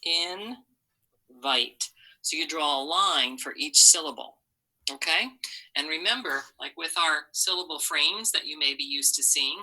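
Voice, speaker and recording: A woman's voice: deep voice, normal speed, bright, forceful tone, husky, rough recording. A woman teacher giving a patient, step-by-step phonics lesson, modeling sounds for students to repeat.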